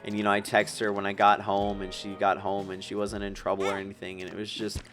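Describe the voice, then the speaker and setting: A young man of eighteen talks through a personal story in a loose, rambling way, his voice sitting a little low. He gets emotional and close to tears at points, with faint music playing underneath. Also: completely flat delivery, quick pace, fairly bright tone. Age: young adult. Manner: rambling, emotional, tearing up with nervous laughs. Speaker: streamer telling a personal story. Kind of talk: casual storytelling while gaming.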